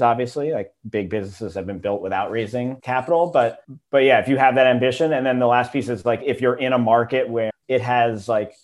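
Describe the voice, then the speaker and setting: A man guesting on a business podcast as an investor, talking in a relaxed way with many fillers. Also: medium pitch. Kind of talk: casual interview.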